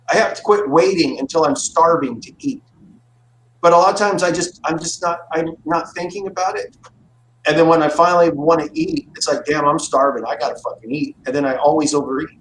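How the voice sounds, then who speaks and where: This livestreamer's voice is a little high with a fairly bright tone. He chats casually, wandering through profane, rambling stories, and the audio has a roomy echo plus faint noise.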